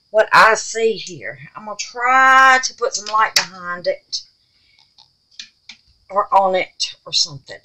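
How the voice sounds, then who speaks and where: Gushing woman crafter, slow drawl. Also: on the low side, low-quality recording. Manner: gushing and excitable, swings from squeals to hushed murmurs; calls viewers babies and y'all. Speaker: resin crafter, channel host. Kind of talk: crafting vlog chat.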